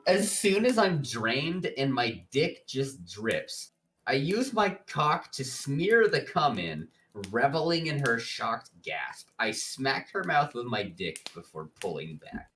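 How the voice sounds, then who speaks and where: A man's voice: medium pitch, sing-song, slow, a bit bright, a little hiss or hum. A man co-hosting a casual comedic book review, reading passages aloud in a wry, mock-dramatic way. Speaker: podcast co-host.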